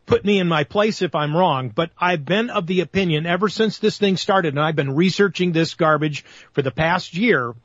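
A man hosts a talk radio show, posing a long, rambling question full of hedges. His voice sits a little high. The recording is dull and dry. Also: a bit bright, dry recording.

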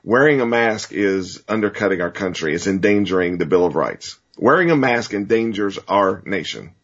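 A man hosting a talk show interview, excitable and quick to exclaim. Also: deep voice, slightly rough. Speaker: host. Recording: muffled lo-fi audio.

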